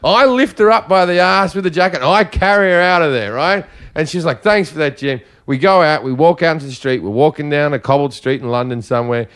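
A man's voice: a little high, brisk, few pauses, clear, resonant tone. A man telling stories in casual, profane chat, acting out the voices of the people in them. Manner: profane, animated, acts out voices. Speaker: comedian guest.

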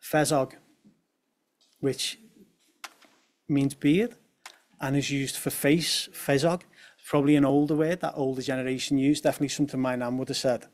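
Man giving a lively talk with asides. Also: mid-range voice, normal speed, pauses often. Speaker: speaker at a talk on language. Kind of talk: presenting a talk.

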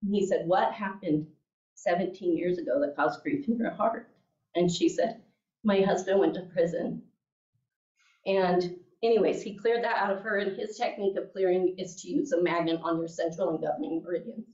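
Woman instructor, lowish voice, chatty, keeps asking "okay?", recorded from a distance with a dull sound. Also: normal speed, darkish tone. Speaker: class instructor. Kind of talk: teaching a class, telling a story. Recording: echoey room, mic at a distance, dull sound.

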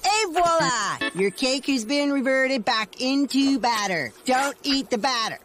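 A woman's voice: sits high, lively intonation, measured pace, a bit bright, soft background music. A woman voicing a know-it-all cartoon kid inventor who lectures in a precise way. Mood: lecturing. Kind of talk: cartoon voice acting.

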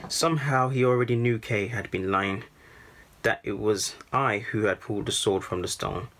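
Husky, low-voiced male storyteller. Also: a bit bright. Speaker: storybook reader. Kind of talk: first-person storybook narration.

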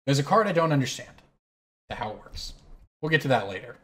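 A man with a medium-pitched voice hosts an online card game stream, speaking briskly. Between moves he tells a long anecdote as casual storytelling, rambling, correcting himself, and staying animated.

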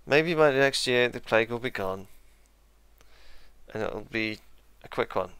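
A man's voice: mid-range voice, lively intonation, a little slow, fairly bright tone, clear, resonant tone, no room sound. A man musing aloud while playing a strategy game, correcting himself and adding dry asides. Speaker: let's play gamer. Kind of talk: casual game commentary.

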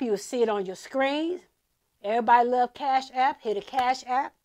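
A woman, a pastor's wife, leading a church offering appeal in an emphatic sermon style, repeating her calls to the congregation. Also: sits high. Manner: emphatic, repetitive exhortation. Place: church service streamed online.

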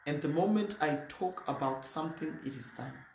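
A woman's voice: low voice, normal speed, gravelly, a little mellow. A woman pastor preaching a sermon in a blunt, emphatic, plain-spoken way. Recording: roomy echo, faint noise.

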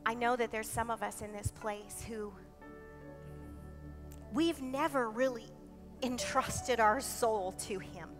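A woman pastor preaching a sermon in a church service, earnest and emphatic, often dropping soft and then swelling loud. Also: on the high side, slow pace, pauses often, over music. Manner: earnest, emphatic, swinging between quiet and loud.

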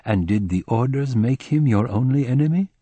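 A man's voice: medium pitch, expressive, normal speed, warm tone, slightly rough, dry recording. A man voicing an insistent male questioner in an audiobook, pressing with repeated questions.

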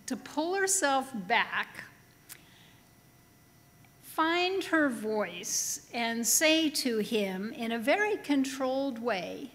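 A woman delivers a sermon at an unhurried, measured pace, her voice sitting a little high. She tells her stories with gentle humor. The sound carries the long reverb of a chapel hall. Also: big pitch swings. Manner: storytelling with humor, slow and deliberate. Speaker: pastor. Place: large chapel.

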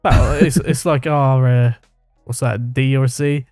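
A man's voice: medium pitch, fairly even intonation, unhurried, darkish tone, no echo, studio quality, soft background music. A man co-hosting a podcast in casual, joking chat, swearing freely and holding his mic in hand. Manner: swearing, joking, laid-back. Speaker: podcast co-host. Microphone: handheld mic.

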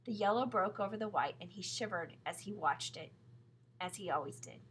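Bright-voiced woman reading a storybook. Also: medium pitch, moderate pace, a little hiss or hum, rough recording. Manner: clear, steady storytelling. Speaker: narrator. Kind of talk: children's book reading.

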